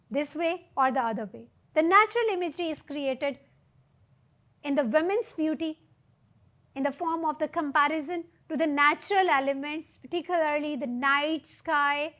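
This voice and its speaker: A woman giving a literature lecture, explaining poetic devices and reading verse aloud with deliberate emphasis. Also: high voice, fairly bright tone. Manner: explains terms and asks rhetorical questions.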